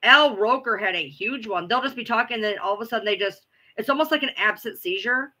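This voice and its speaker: A woman's voice: fairly high pitch, fast, pushed and bright. A woman host chatting casually with viewers, rambling, repeating herself and swearing now and then. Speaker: livestream host. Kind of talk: casual chat answering viewers.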